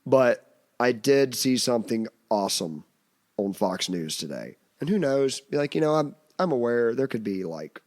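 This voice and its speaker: A man's voice: mid-range voice, very animated, moderate pace, darkish tone. A man hosting a podcast in casual comedic chat, rambling and laughing often. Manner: rambling, laughs often, slips into mocking quoted voices. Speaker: podcast host.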